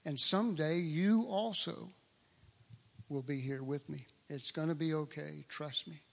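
A man voicing God as a calm, reassuring presence who speaks in a soft, hushed way. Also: a little high, measured pace, vocal fry. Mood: gentle, reassuring. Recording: long reverb of a large hall.

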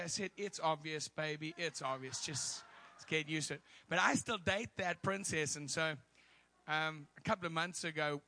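A middle-aged man, a guest preacher at a church, shares personal stories in a chatty, funny way full of asides. His voice sits on the high side, with vocal fry and a sharp tone.

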